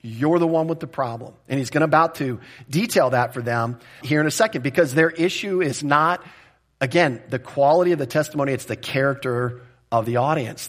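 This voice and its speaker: A man's voice: medium pitch, a bit bright. A man preaching an expository sermon as a pastor, talking in a conversational and direct way and often checking in with the listeners.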